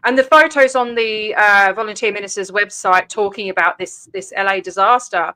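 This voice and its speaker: A woman hosting a casual livestream chat, animated and blunt, swearing freely and laughing quickly. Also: medium pitch, no echo. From Australia. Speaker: livestream host.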